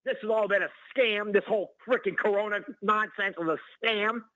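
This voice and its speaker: A male caller on a talk radio show, ranting excitedly and calling the host by name over and over. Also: sits high, moderate pace, dry recording, muffled recording. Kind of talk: heated call-in rant.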